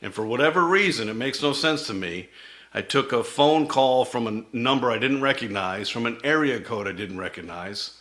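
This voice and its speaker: Man, middle-aged, company CEO, bright tense tone, dramatic storytelling presentation. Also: medium pitch, moderate pace. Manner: dramatic, vivid delivery that acts out quoted dialogue.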